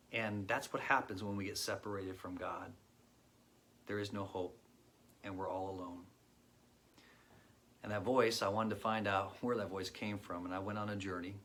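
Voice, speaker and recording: A man in his late forties telling his personal faith testimony in an earnest, reflective way, pausing often. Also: on the low side, fairly even intonation, a bit bright. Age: 40s. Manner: earnest and reflective, with pauses and fillers. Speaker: guest sharing his testimony.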